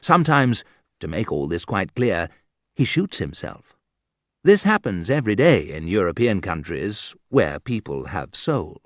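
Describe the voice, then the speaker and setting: Guy reading a funny audiobook, slow and lively, lowish voice, dry close sound. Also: dry recording. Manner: dry, wry delivery with sudden lifts in pitch. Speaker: audiobook narrator. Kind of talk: scripted humorous narration.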